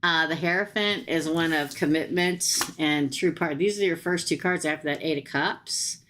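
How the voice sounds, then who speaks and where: Low-voiced woman doing chatty tarot readings. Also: moderate pace, a bit bright, slight background noise. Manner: chatty, talks straight to viewers and comments; casual and blunt, with slangy asides. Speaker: tarot reader. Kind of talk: live-stream tarot reading.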